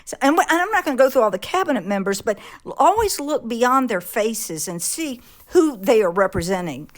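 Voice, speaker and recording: Woman, co-host, high-ish voice, lively pitch, blunt, swears. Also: brisk. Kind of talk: casual political talk.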